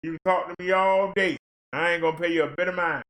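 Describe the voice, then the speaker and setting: A man's voice: high voice, steady tone, quick pace, a bit bright. A man ranting on a livestream in a fervent, blunt, preachy way. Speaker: livestream commentator.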